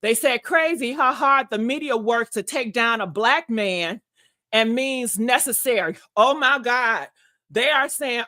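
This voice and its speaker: A woman's voice: fairly high pitch, unhurried, sharp tone. A woman hosting a gossip livestream, brash and profane, talking in a casual style and calling viewers honey and baby.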